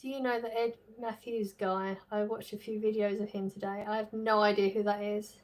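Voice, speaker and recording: A woman's voice: medium pitch, flat delivery, fairly quick. A woman hosting a casual live stream, reading chat messages aloud, chatting and laughing often. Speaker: livestream host reading chat.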